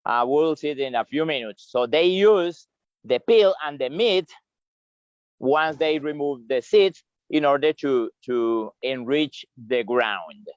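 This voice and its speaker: A man giving a tour guide's outdoor talk on a farm, halting and repeating words as he explains. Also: medium pitch, dry recording. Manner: halting, repeats words, chuckles while eating. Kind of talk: live virtual tour explanation. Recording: dry, slightly dull lo-fi sound.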